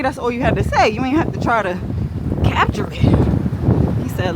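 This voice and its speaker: A woman's voice: medium pitch, lively intonation, normal speed, long pauses. New woman vlogger, candid slangy street talk on a handheld camera, traffic and wind noise behind. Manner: chatty, blunt, playful slang. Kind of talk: casual vlog monologue. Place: outdoors on a cold windy city street.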